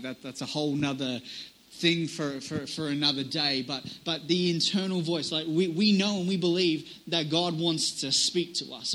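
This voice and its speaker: A man's voice: on the high side, bright, forceful tone, rough recording. A male pastor preaching a casual, conversational sermon, often restarting phrases and checking in with "right?".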